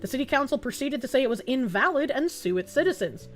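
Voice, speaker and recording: A woman streamer chatting casually with her viewers, swearing freely and thinking out loud as she reads their messages. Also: sits high, animated, quick pace, faint music behind. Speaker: live streamer reading chat.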